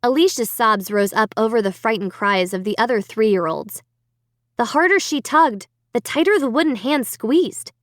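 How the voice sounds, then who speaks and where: A woman reading a children's horror book aloud in first person, with expressive dramatic delivery on a close microphone. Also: a little high, normal speed, no echo. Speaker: audiobook narrator. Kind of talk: scripted first-person narration.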